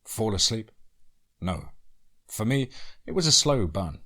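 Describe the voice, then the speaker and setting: A man narrating a scripted horror story in a measured, tense storytelling manner. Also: on the low side, very animated, a bit bright.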